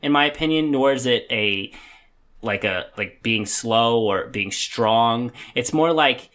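A man's voice: medium pitch, a little slow, fairly bright tone. A young man co-hosting a podcast, chatting casually in a rambling, hesitant way with many restarts. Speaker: podcast co-host. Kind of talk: casual chat.

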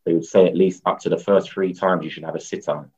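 Low husky man, lo-fi sound. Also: steady tone, fast talker, darkish tone. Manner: rambling, many "you know" fillers, laughs often. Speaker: guest, mushroom educator. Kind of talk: casual conversational interview. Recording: dull lo-fi sound.

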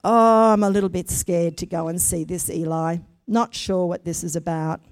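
A woman's voice: a little high, big pitch swings, takes it slowly, warm tone, dry recording, studio quality. Woman doing an anxious little wooden puppet boy. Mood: scared. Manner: unsure, pleading, breathless questions.

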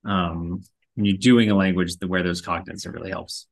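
Man, low, gravelly fry, earnest advice-giver in casual chat. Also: steady tone, moderate pace. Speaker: podcast guest.

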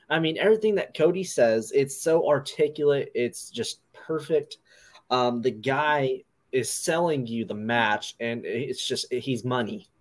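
Rambling male podcast host. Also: mid-range voice. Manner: rambling, loose, lots of fillers. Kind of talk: casual wrestling review chat.

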